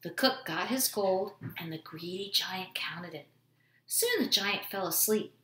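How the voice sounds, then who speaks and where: Woman reading a kids story at home, bright voice, slow and bouncy, echoey room. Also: medium pitch. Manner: expressive, animated reading. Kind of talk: children's story read-aloud.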